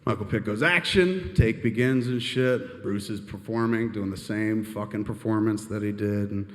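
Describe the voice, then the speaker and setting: A man telling a long, animated anecdote on stage, rambling and swearing as he goes. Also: on the low side, moderate pace. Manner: animated, profane, rambling with "and shit". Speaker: storyteller on stage. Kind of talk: live storytelling monologue. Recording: long reverb of a live hall.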